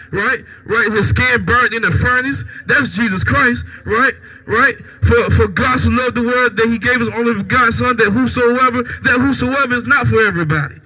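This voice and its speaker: A man with a very high, bright voice with a husky edge preaches on the street. He keeps tossing rhetorical questions at his listeners and tags nearly every line with "right?". His delivery drives forward like a sermon. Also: low-quality recording.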